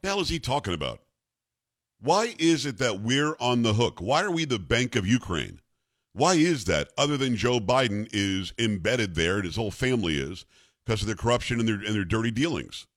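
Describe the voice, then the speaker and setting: Man, radio talk host, teasing, lively pitch, dry close sound. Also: moderate pace, no echo. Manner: teasing, sarcastic.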